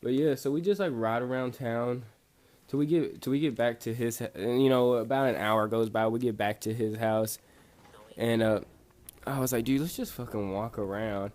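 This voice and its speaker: A man's voice: mid-range voice, steady tone, moderate pace, darkish tone. A young man from Bosnia casually telling a rambling, profane story full of fillers and restarts. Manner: laid-back, rambling, profane, lots of fillers.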